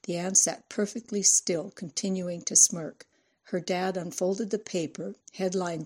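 Woman, audiobook narrator, steady storytelling, low voice, husky. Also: measured pace.

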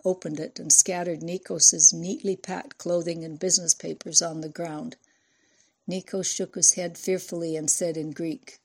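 A woman narrates a novel in a measured, storytelling manner. Her voice sits slightly low for a woman. The reading is scripted and even. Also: creaky. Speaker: audiobook narrator.

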